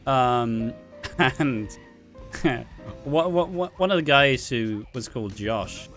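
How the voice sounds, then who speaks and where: A man's voice: medium pitch, expressive, takes it slowly, a bit bright, faint music behind. A young man with a Welsh accent telling rambling, sweary anecdotes, laughing as he goes. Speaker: vlogger. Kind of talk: casual storytelling.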